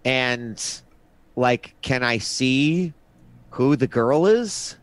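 A man's voice: medium pitch, lively intonation, drawn-out words, smooth, no room sound. A man playing in a tabletop game, talking casually and swearing freely. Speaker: player.

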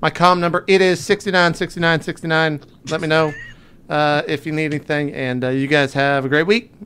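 A man's voice: a little high, little pitch movement, fairly quick, a bit bright, clear, resonant tone, close to an everyday voice. A man playing a brash new starship owner, rambling in a breezy announcer tone.

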